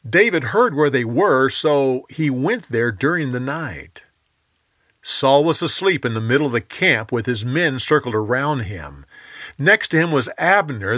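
Male narrator for a Bible story; calm, measured, bright voice, slow and dry. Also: mid-range voice, dry recording.

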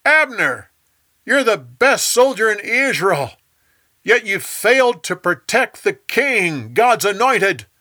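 Young warrior David, earnest and loyal , played by a male narrator; bright tone, unhurried. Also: on the high side, expressive, no room sound, studio quality. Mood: shouting. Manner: earnest and firm.

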